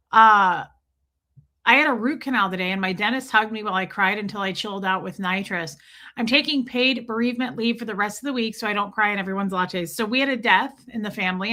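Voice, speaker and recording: A woman in her forties hosting a casual livestream, greeting viewers by name and joking with dark humor. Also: mid-range voice. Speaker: livestream host. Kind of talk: casual livestream chat reading viewer comments.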